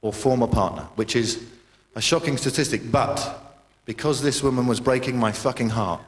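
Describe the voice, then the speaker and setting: A man doing a rambling, self-mocking stand-up routine full of restarts and sudden shouted outbursts. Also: medium pitch, normal speed. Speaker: stand-up comedian. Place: large live venue. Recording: live hall with crowd noise and echo.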